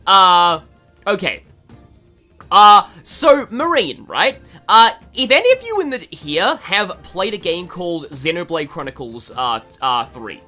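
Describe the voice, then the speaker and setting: Sharp and high-pitched, this Australian gaming host's voice swings widely in pitch while he keeps a measured pace. He gives loose, rambling game commentary full of laughter and fillers, over faint game music.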